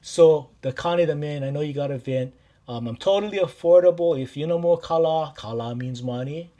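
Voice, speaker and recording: A man's voice: a little high, moderate pace. A man from Maui with a Hawaiian Pidgin-tinged accent, a life coach talking casually and directly to his listeners. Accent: Hawaiian Pidgin-tinged English. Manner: warm, repetitive, addresses listeners directly. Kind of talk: casual direct-to-camera talk.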